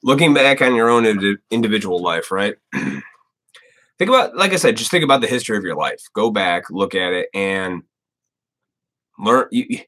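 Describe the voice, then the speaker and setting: A blunt man in his thirties rants on his live stream with a somewhat low voice. He swears freely and rambles from thought to thought. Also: sing-song, moderate pace, a bit bright. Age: 30s. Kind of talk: casual ranting monologue.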